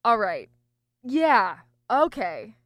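A woman's voice: a little high, very animated, very slow, no echo, clean studio sound. A woman co-hosting a casual chat, effusive and laughing, stammering as she agonizes over choices. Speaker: podcast co-host.

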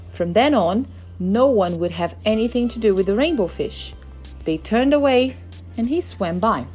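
A woman reading a children's picture book aloud in an expressive storytelling manner. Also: medium pitch. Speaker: narrator. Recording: faint background music.

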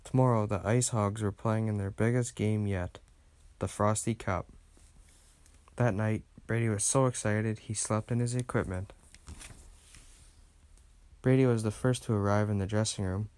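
Low-voiced man reading a storybook. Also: steady tone, moderate pace, pauses often, darkish tone. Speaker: narrator. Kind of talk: children's storybook read-aloud.

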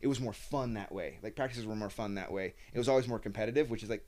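A man's voice: lowish voice, fast talker, darkish tone. A young man hosting a casual chat with a friend, telling long stories full of fillers and acted-out quotes. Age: young adult. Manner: rambling storyteller with many fillers and acted-out quotes. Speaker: podcast host.

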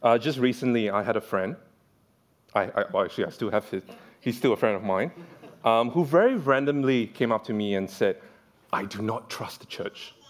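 A man's voice: mid-range voice, a little fast. Guy preaching in church, jokey storyteller, does little voices for people. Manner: storytelling, playful, acts out quoted voices. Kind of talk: sermon with anecdotes.

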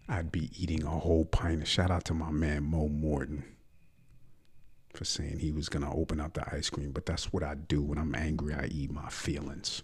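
A man's voice: a bass voice, flat delivery, normal speed, breathy edge. A man hosting a podcast, ranting casually and profanely about sports and often dropping into muttered asides. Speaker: podcast host and comedian. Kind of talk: casual solo sports rant.

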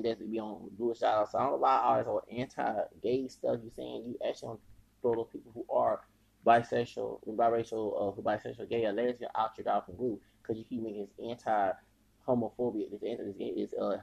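A man's voice: fairly low pitch, fairly even intonation, brisk, creaky, darkish tone, breathy edge, lo-fi sound. A man hosting a podcast, giving heated, rambling commentary with frequent stumbles and repeated words. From United States. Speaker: podcast host. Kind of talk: ranting commentary.

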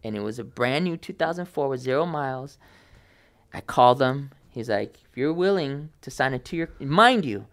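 A young man in his twenties, a podcast guest, telling a story in a lively way and acting out the people he quotes. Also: mid-range voice, moderate pace. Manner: animated, acts out quoted voices. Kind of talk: casual storytelling.

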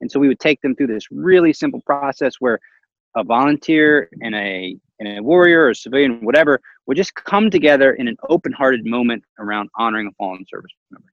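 A man with a medium-pitched voice tells a story casually and fairly quickly, laughing often and animatedly imitating the voices of the people involved. The audio is dull but has no echo.

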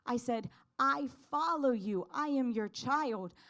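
A woman with a high voice shares a personal faith testimony. She speaks earnestly and fervently, building to emphatic declarations. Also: slow, a bit bright.

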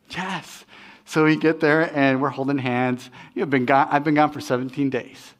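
A man's voice: on the high side, normal speed, fairly bright tone. A middle-aged man preaching as pastor, talking in a conversational, self-deprecating way with frequent restarts. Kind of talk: sermon with personal stories.

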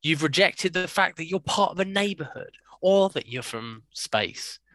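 A male podcast host teasing his guest in easygoing banter. His voice is bright and forward, recorded dry and close with no room sound. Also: a little high, expressive, measured pace, no echo. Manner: teasing, playful. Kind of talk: casual chat.

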